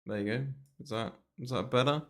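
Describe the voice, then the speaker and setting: A crypto trading streamer delivers rambling, casual market commentary on a livestream, full of fillers and offhand swearing. His mid-range voice is brisk, picked up by a desk mic pulled close to his mouth in a small, bare room.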